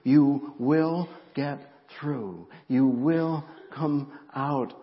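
Emotional middle-aged pastor preaching in a hall. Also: male voice, medium pitch, fairly even intonation, extremely slow. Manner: emotional, swings from hushed to rising intensity. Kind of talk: sermon. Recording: muffled sound in a reverberant hall.

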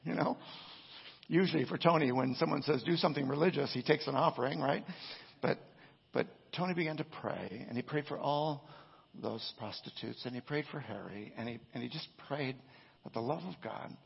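A male pastor preaches with a gravelly, husky voice, telling a story in a rambling, conversational way. He keeps checking in with his listeners. The sound is muffled and lo-fi, with a long echo from a large church hall. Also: mid-range voice, normal speed. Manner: conversational storytelling, frequent "right?" asides. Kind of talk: sermon. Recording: echoey hall, dull lo-fi sound.

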